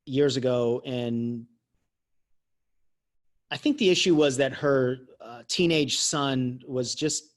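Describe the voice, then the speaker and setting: A man's voice: mid-range voice, slow, long pauses. A man who works as a life coach, telling a story in a casual, self-mocking way and laughing often.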